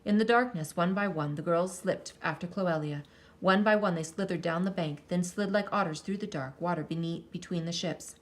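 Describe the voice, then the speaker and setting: A woman reads a children's story aloud in a lowish voice, lingering expressively over counts and sound words. Her storytelling is lively and deliberate.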